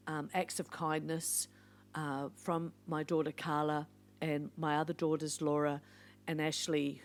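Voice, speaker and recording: An older woman talks through a casual podcast monologue. Her voice sits a little low. She is warm in an encouraging way and wanders into playful asides. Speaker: podcast host.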